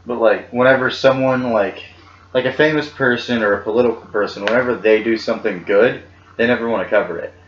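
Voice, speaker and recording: A man's voice: mid-range voice, fairly quick, slight background noise. A man co-hosting a casual podcast chat in a laid-back, agreeable way. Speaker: podcast co-host. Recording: echoey, dull lo-fi room.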